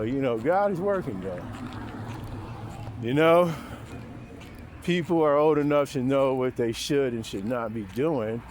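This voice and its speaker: A man's voice: a little mellow, slight background noise. A man talking to camera in a profane, rambling monologue, often chuckling to himself. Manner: profane, rambling, laughing to himself, mocking high voice for quotes. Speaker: vlogger.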